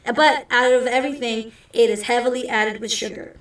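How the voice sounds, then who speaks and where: A woman's voice: on the high side, fairly even intonation, normal speed. A woman narrating as game master of a tabletop game, chatty and rambling. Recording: roomy echo from a distant mic.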